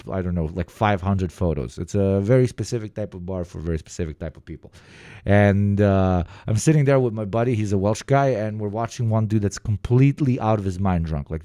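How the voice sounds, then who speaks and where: A man giving casual, profane reaction commentary, telling stories with lots of fillers and animated bursts. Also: fairly low pitch, no room sound, clean studio sound. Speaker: reaction streamer.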